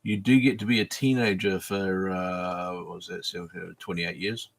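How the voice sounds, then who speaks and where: Deep-voiced man cracking deadpan jokes. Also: measured pace. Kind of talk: joking panel chat.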